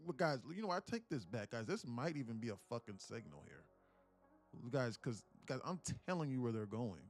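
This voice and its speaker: A man's voice: medium pitch, sing-song, moderate pace, soft background music. A man hosting a live day-trading stream, chatting casually, laughing often and repeating words as he thinks. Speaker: day-trading livestream host.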